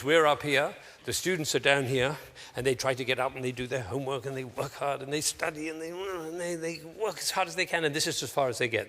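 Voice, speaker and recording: A man giving an animated, anecdotal public talk to educators, laughing often as he speaks. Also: mid-range voice, in a large hall.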